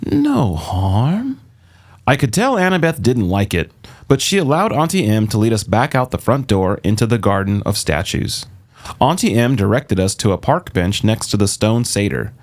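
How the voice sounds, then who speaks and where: A man narrating an audiobook in the first person with a steady, measured delivery. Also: fairly low pitch. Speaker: audiobook reader.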